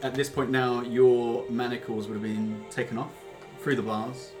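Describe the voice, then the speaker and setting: A man's voice: mid-range voice, level tone, normal speed. A man narrating as game master of a tabletop game, hesitant and rambling with many ums and uhs. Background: background music.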